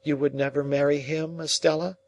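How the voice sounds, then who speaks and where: A man's voice: fairly high pitch, little pitch movement, fairly quick, voice pushed up, close to an everyday voice. A man reading the part of an anguished young man pleading with the woman he loves, in a storybook reading. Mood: pressing. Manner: pleading, earnest, emotional.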